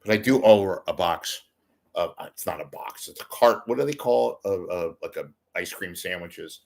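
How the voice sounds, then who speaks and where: A man's voice: deep voice, normal speed, gravelly, darkish tone. An older man hosting a livestream, chatting casually in a rambling, self-mocking way. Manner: rambling, self-deprecating joking. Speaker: livestream host. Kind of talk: casual chat.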